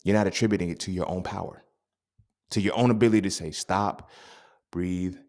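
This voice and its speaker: The host talks briskly, his deep voice carrying a casual, improvised monologue heavy on slang and cursing. Animated and street-savvy, he sounds like he's telling a friend about something he experienced firsthand.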